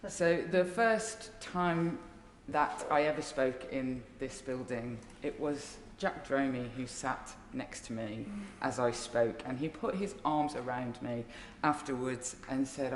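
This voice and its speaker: With a bass voice and hardly any pauses, a woman member of parliament from Birmingham, England, speaks slowly in her local accent. Her tribute speech is warm and joking, with laughs between phrases, recorded in an echoey chamber with long reverb and a little hiss or hum.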